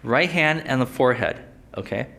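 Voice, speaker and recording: A man's voice: mid-range voice, expressive, moderate pace, creaky, a bit bright. Chatty man teaching a sermon. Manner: conversational, asks the audience questions. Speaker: Bible teacher.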